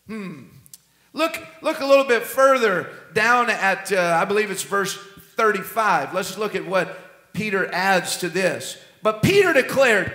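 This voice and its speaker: A male senior pastor preaching a sermon, animated and emphatic, swinging between loud bursts and quiet asides. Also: high voice, moderate pace, reverberant.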